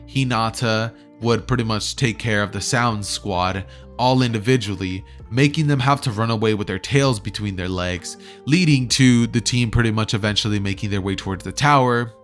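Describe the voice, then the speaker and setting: A young man rambles through a fan story in a loose, chatty way, stacking "like" and "you know" as he goes. His voice sits at an ordinary middle pitch. Soft music plays quietly behind him. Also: moderate pace. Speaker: YouTuber. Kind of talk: casual retelling of a fan story.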